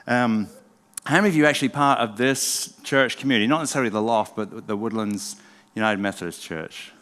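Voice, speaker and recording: A middle-aged man from England with an English accent softened by a southern drawl, giving a relaxed, self-deprecating talk to a live audience as a former pastor. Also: lowish voice, brisk. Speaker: pastor and speaker. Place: church event hall. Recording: long hall reverb.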